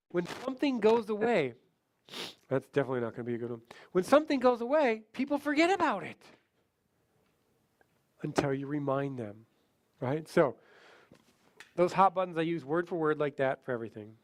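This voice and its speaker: A man giving a sales training seminar, animated, acting out short client conversations as he teaches. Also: sits high, normal speed, long pauses. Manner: animated, acts out client dialogue. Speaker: seminar speaker.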